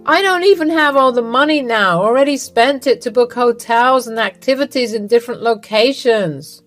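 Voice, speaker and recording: A woman's voice: fairly high pitch, normal speed, faint music behind, pitched above the performer's own voice, natural voice. A woman voicing a scheming older mother-in-law, speaking in an indignant, denying way. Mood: panicked.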